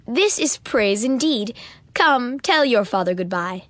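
A woman voicing a grave, melancholy aristocratic father who speaks slowly and formally in a storybook reading. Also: fairly high pitch, animated, a bit bright, no room sound. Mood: sad, formal. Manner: slow, measured, formal speech.

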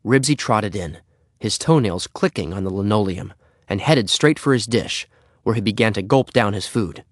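A man reading a children's storybook aloud as narrator, in an expressive, animated way. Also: fairly low pitch, normal speed, no room sound, clean studio sound.

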